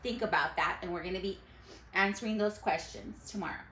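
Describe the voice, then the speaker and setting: A woman's voice: mid-range voice, roomy sound, a little hiss or hum. A woman teacher reading a picture book aloud to her class, stopping to quiz the children. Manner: animated storyteller who pauses to quiz children.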